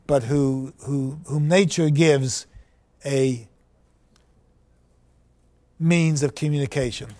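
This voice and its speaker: A man giving a university lecture on poetry, reading verse aloud slowly and building emphasis on repeated words. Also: a little high, darkish tone. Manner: slow, deliberate, reads verse aloud with rising emphasis. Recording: 2009 classroom lecture recording.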